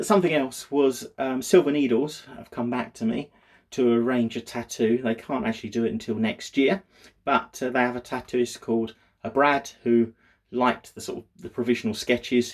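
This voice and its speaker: A man talking in a casual daily video diary, rambling and hesitant with many fillers, sounding low and downbeat. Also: fairly even intonation, moderate pace. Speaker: vlogger.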